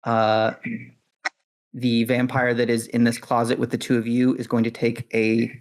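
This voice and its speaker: A man narrating as game master of a tabletop horror game, calm and matter-of-fact with frequent fillers. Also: mid-range voice, normal speed, poor audio.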